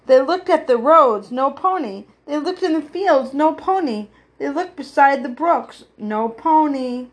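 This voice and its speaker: A woman reading a children's story aloud, expressive, with gasps and little asides. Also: high-pitched, measured pace, hardly any pauses.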